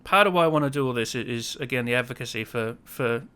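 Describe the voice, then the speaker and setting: A man's voice: mid-range voice, fast talker, sharp tone, clean tone. A man in his thirties hosting a casual podcast chat, telling stories animatedly and acting out quotes in raised voices. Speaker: podcast host.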